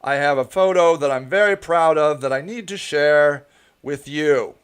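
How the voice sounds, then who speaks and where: A man hosting his own show, giving heated, profane political commentary that often breaks into shouting. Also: a little high, a little slow, clean tone. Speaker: show host.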